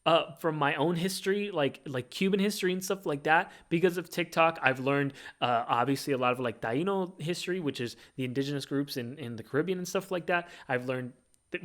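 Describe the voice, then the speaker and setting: A man hosting his own podcast, talking in an animated, rambling casual monologue full of fillers. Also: a little high. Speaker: podcast host.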